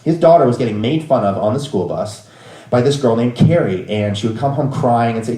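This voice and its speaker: A man's voice: medium pitch, fairly quick, warm tone. Man in his thirties, live comic storyteller, rambling and wry, bursts into rants, roomy venue. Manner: rambling, self-deprecating, bursts into exasperated rants.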